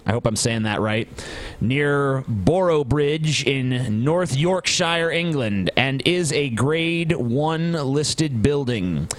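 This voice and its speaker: A man's voice: mid-range voice, slow pace, no echo. A man co-hosting a casual podcast, joking crudely and reading text aloud. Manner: crude, joking, reads aloud flatly then riffs. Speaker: podcast co-host.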